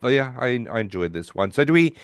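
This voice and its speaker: On a dry, clean recording, a podcast co-host with a mid-range, sing-song voice speaks a little fast. He rambles through a casual recap of a sitcom episode, acting out the characters' lines as he retells it.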